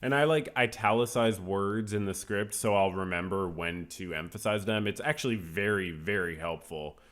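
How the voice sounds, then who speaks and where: A man's voice: on the low side, moderate pace, a bit bright. A man hosting his own podcast, talking casually in a rambling, self-correcting way with many fillers. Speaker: podcast host. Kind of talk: casual solo podcast talk.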